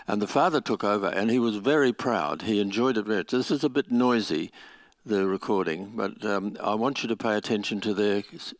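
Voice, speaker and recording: A man's voice: on the low side, brisk. A man giving an academic conference lecture, explaining step by step with restarts and small laughs. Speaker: conference speaker. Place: lecture venue.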